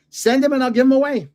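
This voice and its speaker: A very high-pitched, warm male voice belongs to an older man running his own card-collecting channel. He opens packs in a laid-back chat and chuckles at what he guesses will come out.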